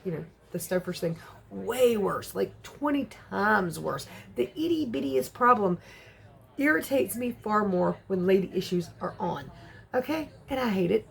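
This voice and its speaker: A woman in her forties chatting casually on a vlog, excitable and ranting. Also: creaky. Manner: excitable ranting with big jumps in pitch. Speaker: vlogger.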